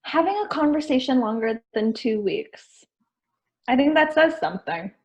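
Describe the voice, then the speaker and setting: A woman in her twenties co-hosting a podcast, agreeable and quick to laugh, often second-guessing herself. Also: sits high, expressive, darkish tone. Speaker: podcast co-host. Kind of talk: casual chat. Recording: slightly dull lo-fi audio.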